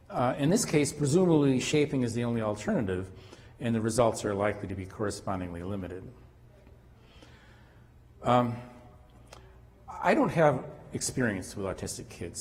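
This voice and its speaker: A man giving an academic conference lecture, halting at times with restarts and fillers. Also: medium pitch, darkish tone. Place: conference hall. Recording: long hall reverb.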